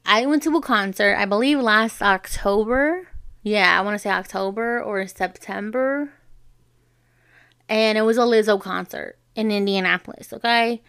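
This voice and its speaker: A young woman with a smooth, clear voice hosts her own podcast in a loose, unscripted monologue. She speaks candidly and from the heart, addressing her listeners directly as she shares personal thoughts and reads the news aloud. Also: mid-range voice, a bit bright. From Navajo Nation. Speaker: podcast host.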